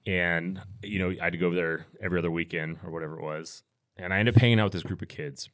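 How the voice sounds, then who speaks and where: Podcast guest, middle-aged man, very low voice, relaxed storyteller with lots of restarts. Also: racing, dry recording, studio quality. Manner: laid-back, rambling with restarts and fillers. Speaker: podcast guest, firearms instructor. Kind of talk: casual storytelling.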